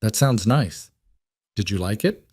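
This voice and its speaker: A man's voice: lowish voice, animated, a little slow, darkish tone, slightly rough, no echo, studio quality. A man voicing a curious, chatty little girl in a storybook reading, full of eager questions.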